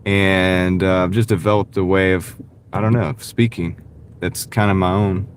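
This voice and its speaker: A man's voice: sits low, flat delivery, moderate pace, a little hiss or hum. A man with a light Southern US accent chatting casually on a livestream from his car, rambling and answering viewer comments. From American South. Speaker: delivery driver livestreamer. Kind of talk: casual livestream chat while driving. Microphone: wireless clip-on mic.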